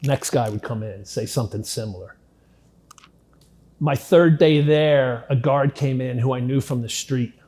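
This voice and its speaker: A man's voice: mid-range voice, moderate pace. Man recounting his past, candid and blunt. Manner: candid, drops to near-quiet at grim moments, swears casually. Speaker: interview guest. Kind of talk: telling his life story in an interview.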